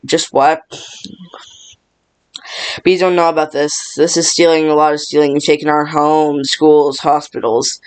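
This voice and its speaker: A man reading a film script aloud by himself, rushing and stumbling through every part. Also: on the high side, clean tone. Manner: rushed, stumbling reading with little change between parts. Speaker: script reader.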